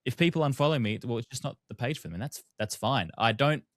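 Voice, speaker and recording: A man's voice: medium pitch, animated, fast talker, fairly bright tone, no room sound, studio quality. A man hosting a casual podcast interview, conversational and prone to long, rambling questions. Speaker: podcast host.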